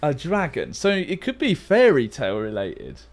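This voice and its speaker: Playful young male streamer, lively pitch. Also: moderate pace. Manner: playful, self-mocking, muttering guesses aloud. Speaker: livestream host. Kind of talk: casual livestream chat while playing a word game.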